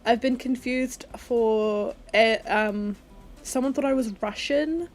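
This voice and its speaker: A woman's voice: a little high, takes it slowly. A young woman from New Zealand co-hosting a podcast, chatting casually, bluntly and jokingly, often acting out conversations. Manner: blunt, joking, acts out dialogue. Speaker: podcast co-host. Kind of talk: casual chat.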